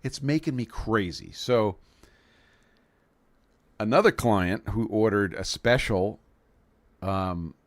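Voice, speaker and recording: A man's voice: on the low side, takes it slowly, long pauses, dry recording. A man from New York City hosting a casual livestream, joking and rambling as he restarts his sentences. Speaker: livestream host.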